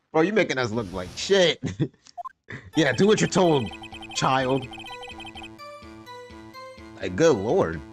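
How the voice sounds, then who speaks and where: Casting: young guy streamer, loose and jokey, animated delivery. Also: mid-range voice, slow, pauses often, faint music behind. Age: young adult. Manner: joking, slangy and loose. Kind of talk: casual live game commentary.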